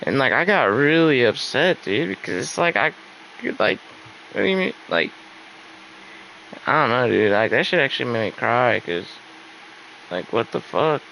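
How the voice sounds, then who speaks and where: A man's voice: mid-range voice, lively intonation, moderate pace, vocal fry, pauses often, pushed and bright, slight background noise, poor audio. A young man venting casually in a rambling, upset way, with lots of fillers and swearing. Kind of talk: casual venting while gaming.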